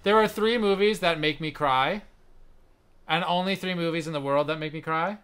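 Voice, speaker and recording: A man co-hosting a podcast, telling stories in an animated, emotional way. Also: fairly high pitch, normal speed, smooth. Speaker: podcast co-host. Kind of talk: casual chat.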